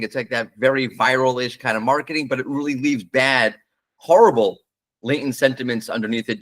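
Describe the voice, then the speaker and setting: A marketing commentator with a fairly bright, mid-range voice hosts his show solo, giving casual, blunt verdicts on brand ads. He's opinionated and speaks off the cuff, leaning on fillers.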